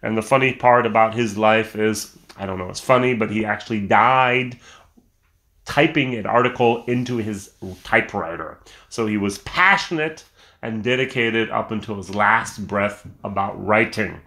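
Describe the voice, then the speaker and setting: A man's voice: on the low side, moderate pace, sharp tone. Chatty man reviewing whisky on camera. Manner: enthusiastic, chatty, with filler restarts. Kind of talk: casual video review. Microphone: camera mic.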